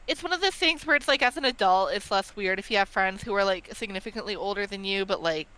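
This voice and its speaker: A woman's voice: mid-range voice, fast talker, bright, forceful tone, clear, resonant tone. A woman co-hosting a game stream, joking bluntly and reading lines aloud with friends. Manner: dry blunt jokes, reads lines aloud. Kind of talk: casual game stream chat.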